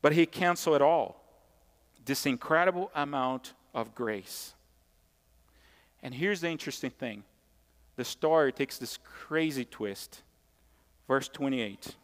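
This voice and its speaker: A man's voice: medium pitch, unhurried, pauses often. A man preaching a sermon as pastor, emphatic and conversational, repeating key points and tossing asides to the congregation. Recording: long hall reverb.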